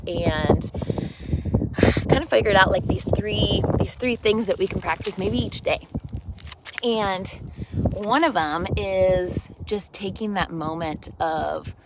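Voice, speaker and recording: Encouraging woman over loud noise. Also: on the low side. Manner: reflective, encouraging, builds on repeated phrases. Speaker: fitness instructor. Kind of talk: motivational talk during a workout class. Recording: loud background noise with clicks.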